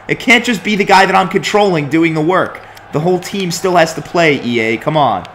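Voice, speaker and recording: A man's voice: fairly high pitch, animated, moderate pace, creaky, hardly any pauses, a bit bright. Exasperated young man commenting on a game. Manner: exasperated, complaining, swears often. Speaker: gaming commentator. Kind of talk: let's play commentary.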